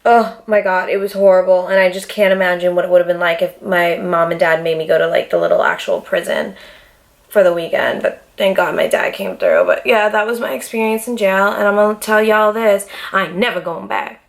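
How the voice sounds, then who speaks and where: A woman's voice: medium pitch, fairly quick. A young adult woman vlogger telling a personal story in a casual, blunt, profane way, full of fillers.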